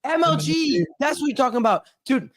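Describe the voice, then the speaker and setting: A man's voice: very high voice, big pitch swings, brisk, no echo, studio quality. A Canadian man hosting a casual crypto show over a video call, loose and joking, swearing freely. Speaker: podcast host.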